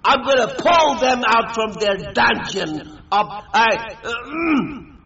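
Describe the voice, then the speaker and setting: A man delivering an angry, threatening rant, shouting erratically in a dull lo-fi recording. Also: extremely high pitch, expressive, slow, a crowd in the background. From India.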